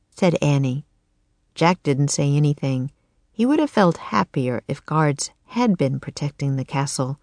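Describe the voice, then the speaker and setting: A woman narrating a children's chapter book in a calm, even storytelling voice. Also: low voice, dry recording. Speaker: audiobook narrator. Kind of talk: scripted narration.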